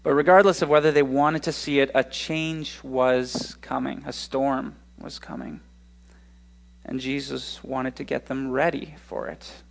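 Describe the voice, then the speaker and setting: A male pastor preaching a sermon in an expressive way, slowing down and speeding up for emphasis. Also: medium pitch, gravelly. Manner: expressive, shifting pace for emphasis.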